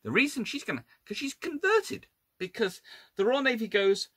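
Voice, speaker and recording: Male historian lecturing casually, lively swooping pitch, wry exasperated asides, restarts. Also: normal speed, slightly rough, no echo. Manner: restarts and self-corrections. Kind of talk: informal illustrated lecture.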